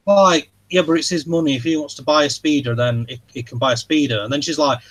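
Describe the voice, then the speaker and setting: A man's voice: fairly high pitch, steady tone, quick pace, fairly bright tone, low-quality recording. A man, hosting a live stream and ranting in casual chat, rambling and swearing as he tells stories.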